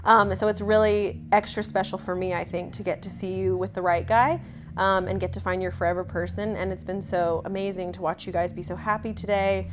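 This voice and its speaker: A woman's voice: mid-range voice, fairly even intonation, brisk, noisy background. Former roommate, woman, a bit out of breath, sincere wedding message with frequent ums. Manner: warm, heartfelt, with many ums. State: a little out of breath.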